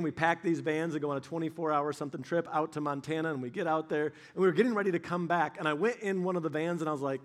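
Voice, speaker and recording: Man, middle-aged, preaching, reads verses slowly, earnest, slightly high-pitched. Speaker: pastor. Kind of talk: sermon with scripture reading.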